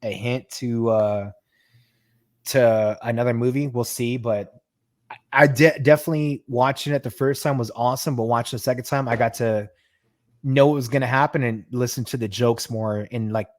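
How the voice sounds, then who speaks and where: A man's voice: medium pitch, normal speed, no echo. A man in the middle of his range chats on a podcast, retelling scenes with loose energy and frequent restarts. His voice sits close and dry on the mic, with no room around it. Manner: animated storyteller, stumbles and restarts, swears freely. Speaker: podcast co-host. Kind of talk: casual chat.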